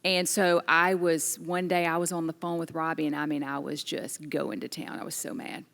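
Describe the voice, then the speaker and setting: A middle-aged woman with a low, gravelly voice tells a personal story with open emotion. Her speech carries the long reverb of a big hall. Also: moderate pace. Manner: emotional, animated storytelling with laughter. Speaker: guest mother sharing her story. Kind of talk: candid testimony in a group discussion.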